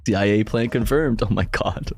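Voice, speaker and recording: A man's voice: fairly low pitch, darkish tone, slightly rough. A man streaming live, reacting to donations with profane jokes and frequent laughter. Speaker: livestreamer. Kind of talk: casual stream commentary.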